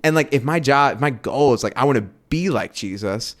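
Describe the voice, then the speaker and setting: A man co-hosting a podcast, telling animated anecdotes in casual conversation, with many fillers and restarts. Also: medium pitch, fairly quick. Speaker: podcast co-host.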